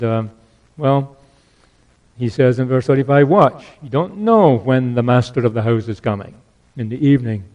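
An older man preaching a sermon, earnest, repeating key phrases and swinging between loud exhortation and hushed asides. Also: medium pitch.

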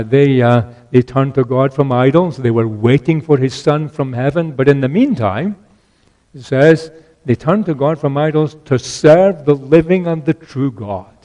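An older man preaching a sermon, earnest, repeating key phrases and swinging between loud exhortation and hushed asides. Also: mid-range voice, lo-fi sound.

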